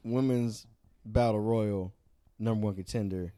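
A man co-hosting a casual wrestling podcast, jokey and animated, often stammering and restarting his sentences. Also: fairly low pitch, a little slow, no room sound. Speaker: podcast co-host.

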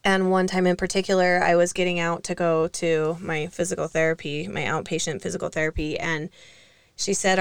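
A young woman talks in a relaxed, chatty way, rambling through a story with fillers and small laughs. Her voice sits a little low and sounds smooth and clear. The room is dry, with no echo. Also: moderate pace. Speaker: co-host. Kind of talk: casual podcast conversation.

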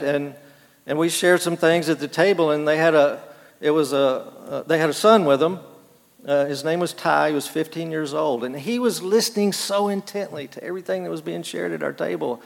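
A man preaching a sermon, halting and repeating words, moving between quiet and emphatic phrases. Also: a little high, creaky. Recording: long hall reverb.

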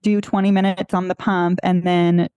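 A woman's voice: on the low side, flat delivery, moderate pace, mellow, clean tone, dry recording. A woman podcast host sharing a personal experience in a reassuring, open way. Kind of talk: casual conversation.

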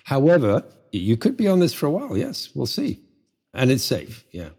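A man's voice: mid-range voice, wildly swooping pitch, normal speed, a little mellow, husky. A middle-aged man speaking as a guest in a conversational interview, thoughtful and rambling, full of asides. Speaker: guest, herbal medicine teacher.

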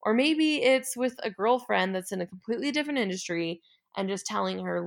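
A woman's voice: medium pitch, expressive, a little fast, vocal fry. A woman hosting a podcast, talking alone in an earnest, heartfelt and emphatic way. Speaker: podcast host. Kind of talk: solo motivational podcast talk.

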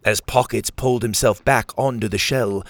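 A man narrating a children's adventure story in an animated way, voicing each character. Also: mid-range voice, normal speed, no echo.

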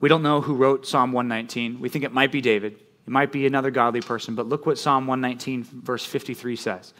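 A man preaching a sermon as pastor, animated and conversational, often checking in with "right?". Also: mid-range voice, a little fast.

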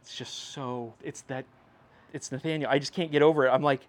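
A male pastor preaching a sermon in a conversational, animated way, swinging between hushed and loud. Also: mid-range voice, brisk.

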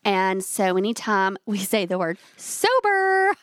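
A woman's voice: mid-range voice, sing-song, takes it slowly, no echo, studio quality. A woman co-hosting a podcast with casual chat and wry, joking asides. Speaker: podcast co-host.

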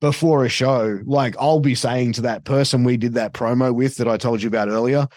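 A man's voice: medium pitch, fairly even intonation, darkish tone, no room sound, clean studio sound. A man, a guest telling stories in casual chat, swearing freely and piling on fillers. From Australia. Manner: swears freely, fast storytelling with many fillers. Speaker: podcast guest, wrestling commentator.

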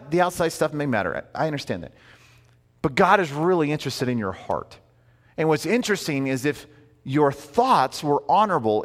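Animated man preaching in an echoing hall. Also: fairly high pitch. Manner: conversational and animated, with asides and rhetorical questions. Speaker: pastor. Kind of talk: sermon.

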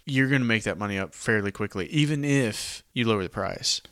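A man's voice: on the low side, fairly quick, a bit bright, dry recording, studio quality. A man with a Southern US accent, hosting a history podcast and explaining events in a conversational way with asides. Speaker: podcast host. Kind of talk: casual history podcast narration.

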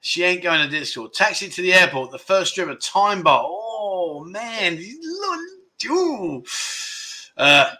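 A man hosting a livestream, reading viewer comments aloud and reacting with loud, jokey exclamations. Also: sits high, slow pace. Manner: excitable, jokey, exclaiming loudly. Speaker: livestream host.

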